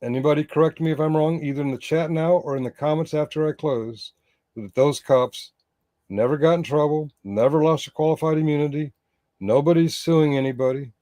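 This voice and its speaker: A man's voice: on the high side, fairly quick, warm tone, no echo. A man doing live-stream commentary, rambling and sarcastic, growing heated, with many restarts.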